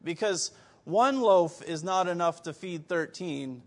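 A man's voice: high voice, measured pace. A man preaching a sermon, firing rhetorical questions at his listeners with occasional stammered restarts. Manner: animated, rhetorical questions to the congregation.

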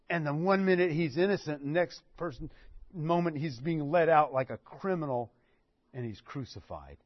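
A man's voice: high-pitched, animated, measured pace, no echo. A man preaching a sermon, telling the story with animation and acting out what people said. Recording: dull dry recording.

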